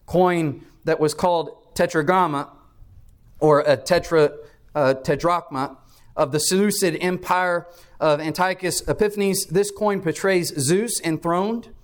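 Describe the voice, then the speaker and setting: A man preaching a sermon, explaining scripture and history with emphatic, steady delivery. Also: a little high, unhurried.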